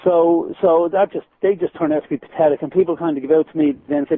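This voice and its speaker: An Irish man, a radio guest, telling stories in an animated way and laughing as he goes. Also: fairly high pitch, quick pace, few pauses, no echo. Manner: animated storyteller, laughs while telling anecdotes. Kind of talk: phone-in radio interview. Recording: tinny phone line, dry.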